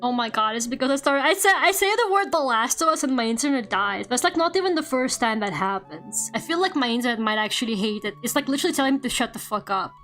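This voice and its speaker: High-voiced young woman chatting on stream. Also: quick pace, few pauses. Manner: animated, swearing, laughing, reading chat aloud. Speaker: VTuber art streamer. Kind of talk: casual stream chat. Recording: faint music behind. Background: faint background music.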